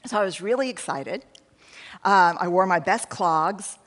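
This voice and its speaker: A woman's voice: fairly low pitch, lively intonation, unhurried. A woman in her forties with a Texan accent, telling a self-deprecating story in a conversational keynote talk and acting out bits of dialogue. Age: 40s. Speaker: researcher and speaker. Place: large hall on stage. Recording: reverberant hall.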